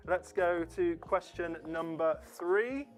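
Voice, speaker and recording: A man hosting a livestream quiz, chatty and relaxed, reading out answers between ums and little asides. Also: sits high, slow pace, faint music behind. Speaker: fundraiser stream host.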